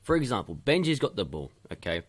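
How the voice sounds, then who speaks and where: A man's voice: fairly low pitch, sing-song, a little fast. A male youth football coach giving stern feedback on match video, hammering his points home by repeating them.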